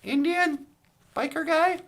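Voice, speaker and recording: A woman's voice: high voice, slow, pitched above the performer's own voice. A woman voicing a male construction worker who confides his secret hopes. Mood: confiding.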